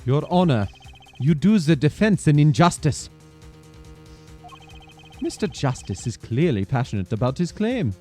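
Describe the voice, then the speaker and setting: A man playing a flamboyant young prosecutor, speaking in a theatrical, put-on German accent. His voice sits a touch high and swings widely in pitch. Faint game music plays underneath. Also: sing-song, measured pace, pauses often, a little mellow. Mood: smug. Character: flamboyant young male rock-star prosecutor. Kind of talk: live game dialogue reading.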